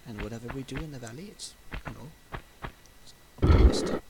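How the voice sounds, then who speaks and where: A man's voice: mid-range voice, fairly quick, very noisy, close to an everyday voice. A man putting on a rambling Welsh valley man. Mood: mock-solemn. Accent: put-on Welsh.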